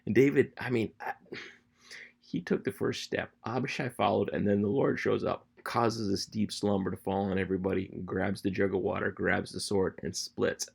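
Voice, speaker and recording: A man's voice: lowish voice, fairly even intonation, normal speed, creaky, husky. A man teaching a Bible chapter in a casual, conversational way, reading verses aloud and retelling them in slangy everyday talk.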